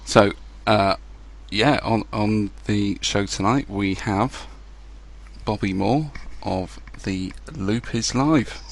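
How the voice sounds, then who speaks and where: Gravelly low-voiced podcast host. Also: male voice, slow pace. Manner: chatty, loose, swears casually. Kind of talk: casual podcast chat.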